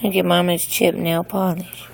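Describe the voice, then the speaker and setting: A young mother cooing to her newborn at home in soft baby talk, whispering softly and then rising into high squeals. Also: little pitch movement, normal speed, vocal fry, noisy background.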